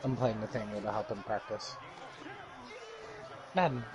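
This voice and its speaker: A man's voice: fairly low pitch, normal speed. A young man chatting casually and cursing while streaming a football video game. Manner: swearing, joking banter. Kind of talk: casual chat while gaming. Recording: game crowd noise behind.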